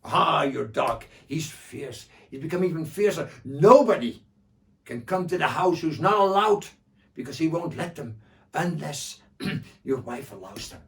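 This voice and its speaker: A man voicing a sly, hungry trickster who spins news in a drawn-out, sing-song, mock-sorrowful way. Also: a little high, animated, creaky. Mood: flattering. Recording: distant mic.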